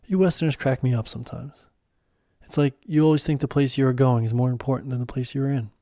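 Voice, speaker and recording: A man voicing a calm, wise male mentor who speaks in a serene, unhurried way and teases gently. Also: mid-range voice, dry recording, studio quality, natural voice.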